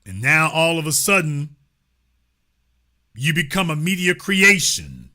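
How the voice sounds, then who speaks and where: A man's voice: on the high side, sing-song, measured pace, pushed and bright. A man hosting an impassioned commentary show, speaking emphatically and repeating phrases for effect. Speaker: host.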